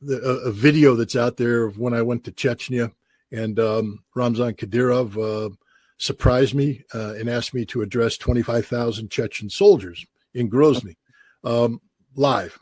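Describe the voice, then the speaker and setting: American man, 60s, husky storyteller, dry close mic. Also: mid-range voice, dry recording. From United States. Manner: animated anecdotes with quoted voices and chuckles. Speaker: guest. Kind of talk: storytelling in an interview.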